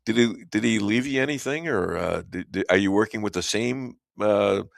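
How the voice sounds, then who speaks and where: A man from Chicago hosting an interview show, speaking haltingly with many fillers and trailing off softly. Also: on the low side, gravelly, no echo, studio quality. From Chicago, USA. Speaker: show host. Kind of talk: casual interview conversation.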